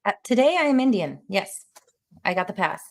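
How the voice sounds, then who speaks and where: Podcast host: animated woman, quick to laugh, casual chat. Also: mid-range voice, gravelly. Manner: animated, laughs often, talks with her hands.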